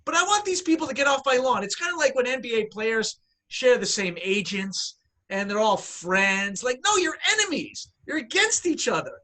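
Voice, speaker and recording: A man's voice: extremely high pitch, expressive, normal speed, pushed and bright. A man co-hosting a casual sports podcast, talking in an emphatic, opinionated rant. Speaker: podcast co-host.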